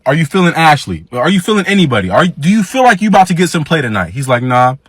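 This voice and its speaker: Profane, animated young man telling a story. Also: a little high, very fast, husky, dry recording. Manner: profane, animated, quotes people in his own voice. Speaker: storyteller guest. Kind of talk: casual storytelling.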